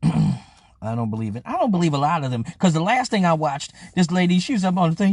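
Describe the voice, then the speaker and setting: A man's voice: on the high side, animated, brisk, a little mellow, no room sound. A man in casual live-stream chat, blunt and profane.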